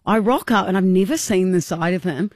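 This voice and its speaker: A woman's voice: brisk, dry recording, studio quality. A young woman co-hosting a radio show, telling a story in casual banter and laughing often as she acts out what people said. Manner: animated, acts out quotes with high squeaky voices, laughs often. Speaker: radio co-host.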